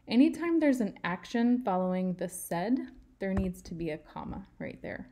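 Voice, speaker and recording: A woman's voice: medium pitch, lively intonation, normal speed, mellow. A woman teaching writing in a tutorial, patient and step by step, leaning on key words for emphasis. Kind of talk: screen-share writing tutorial.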